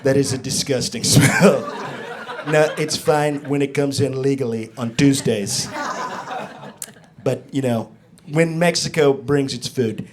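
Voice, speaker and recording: A man voicing a blustering, boastful older male politician who talks in a slow, self-congratulating drawl, with a live crowd laughing. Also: medium pitch, steady tone, natural voice. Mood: disgusted.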